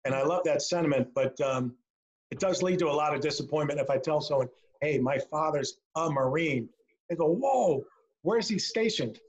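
A middle-aged man from upstate New York doing a stand-up set over a video call from home, landing punchlines dry and slowed down. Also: fairly high pitch, fairly even intonation, highs cut off. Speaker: stand-up comedian. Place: a home, indoors.

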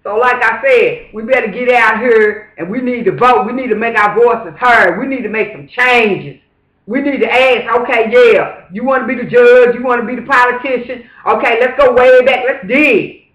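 A man's voice: very high-pitched, moderate pace, a bit bright. A man talking straight to camera in a casual, preachy vlog monologue, emphatic and fervent, with repeated rhetorical asides. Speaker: vlogger. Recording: roomy echo.

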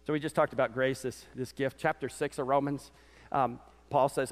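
A man preaching a sermon as pastor to his congregation, animated, his voice swinging from loud peaks to quiet lows. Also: normal speed. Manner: animated preaching, voice rising and dropping sharply. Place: church sanctuary. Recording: church sanctuary with long reverb.

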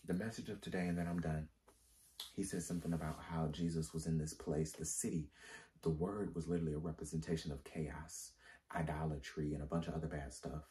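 A man's voice: a bass voice, steady tone, brisk, mellow. A man who is a pastor giving a candid personal testimony, talking casually with slang and rising into emphatic, preacher-like swings.

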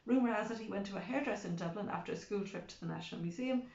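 A woman's voice: medium pitch, very fast, gravelly, a little mellow. Wry woman narrating an audiobook. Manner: wry, chatty. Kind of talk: first-person scripted narration. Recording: roomy, slightly dull recording.

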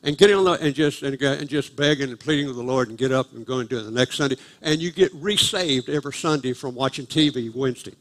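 An older man with a medium-pitched voice speaks quickly, barely pausing. As a guest preacher at a live church service, he tells a humorous, self-deprecating story about his past.

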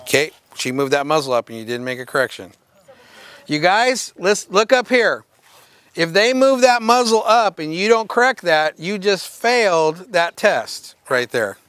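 A man's voice: sits high, animated, a little slow, a bit bright, smooth, no echo. A man instructing dog show handlers at a workshop, giving plain direct commands with playful asides. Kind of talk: hands-on coaching at a workshop.

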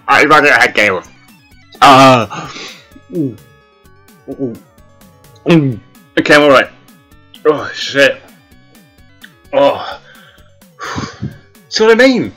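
Over soft background music, a man does comedic let's-play commentary on his gaming channel, cursing nonstop and yelping and groaning in mock terror. His medium-pitched voice swings widely in pitch and sounds pushed, bright and slightly rough. He speaks slowly and pauses often.

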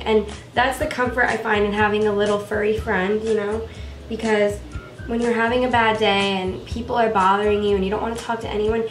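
A woman's voice: on the high side, reverberant, far from the mic. A young woman vlogger chatting in a gushing, rambling way about her pet, with many fillers, recorded on a camera at home.

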